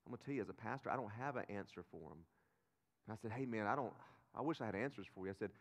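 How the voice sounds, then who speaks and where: A man preaching a sermon as pastor, casual and animated, swinging between loud emphasis and quiet, earnest moments. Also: on the low side, very fast. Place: church auditorium. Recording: reverberant church hall.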